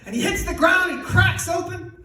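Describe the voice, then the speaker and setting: Excitable high-voiced man doing stand-up. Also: moderate pace, slight background noise. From Canada. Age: 30s. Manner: animated, excitable, bursts into shouts. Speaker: stand-up comedian. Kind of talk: stand-up comedy. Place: comedy club stage. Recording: echoey club from far off, loud crowd laughter. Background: audience laughter.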